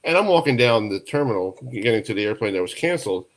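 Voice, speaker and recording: A man from New York hosting a sports talk radio show, telling stories in a lively, laughing way. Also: fairly low pitch, fast. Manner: storytelling, animated, laughs often. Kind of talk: casual radio chat.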